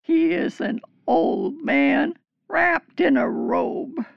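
A shrill frightened village medium. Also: female voice, animated, drawn-out words, vocal fry, no room sound, lo-fi sound, heavily acted. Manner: shrill, fearful and pleading. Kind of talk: audio drama acting.

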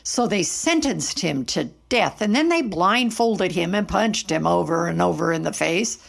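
Gravelly-voiced woman storyteller. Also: fairly low pitch, lively intonation, a little slow. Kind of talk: scripted Bible story narration.

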